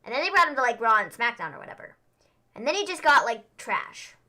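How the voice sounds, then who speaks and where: A young woman chats her way through a live wrestling watchalong. Her voice is bright and a little edgy, and she keeps dropping "like" into her sentences. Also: on the high side, sing-song, quick pace. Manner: chatty, lots of "like". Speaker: co-host. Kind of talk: casual watchalong chat.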